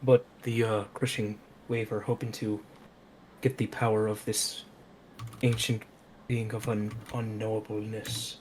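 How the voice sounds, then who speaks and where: A man playing a tabletop game, speaking hesitantly and in halting phrases. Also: on the low side, little pitch movement, a little mellow, a little hiss or hum.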